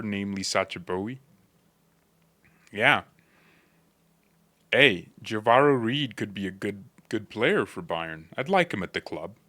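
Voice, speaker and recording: A man hosting a football fan channel, chatting casually to his viewers with joking, slangy, animated reactions. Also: mid-range voice, dry recording. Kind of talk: casual commentary to chat.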